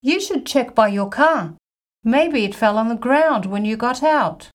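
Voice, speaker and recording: A woman's voice: on the high side, animated, measured pace. A woman performing scripted everyday dialogue for a listening exercise, in a helpful manner.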